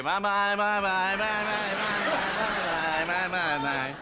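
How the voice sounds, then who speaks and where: A man with a high, light voice works through a stand-up routine on a TV studio stage. His delivery is dry and deadpan, and it jumps to shrill yelps whenever he acts out a scene. There is a steady hiss of noise under the studio audio. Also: moderate pace, hardly any pauses. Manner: deadpan delivery with sudden shrill outbursts when acting out scenes. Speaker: stand-up comedian. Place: TV studio stage before a live audience.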